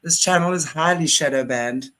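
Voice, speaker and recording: An interview host speaking with earnest passion at a middle pitch. The delivery is heartfelt and urgent, with frequent restarts mid-sentence. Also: normal speed, a bit bright, rough recording. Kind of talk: casual interview chat.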